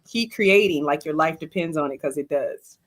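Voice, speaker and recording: A woman guest on a radio show who talks casually about her events, with measured pacing and filler pauses. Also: sits low.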